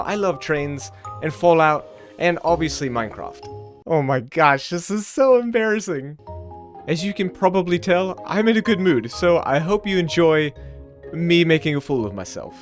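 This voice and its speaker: A man's voice: a little high, lightly acted. A man putting on a goofy fake British accent. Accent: put-on British. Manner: self-conscious, giggly, playful. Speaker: gaming YouTuber. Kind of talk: Minecraft let's play commentary.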